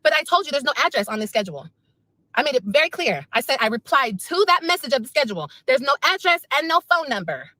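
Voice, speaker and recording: A frustrated woman rants in a high, quick voice, circling back over the same complaints. Her tone is bright and tense. The sound is dry and close. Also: big pitch swings, dry recording. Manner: venting, repetitive, frustrated. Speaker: mother speaking on a livestream. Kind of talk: emotional livestream rant.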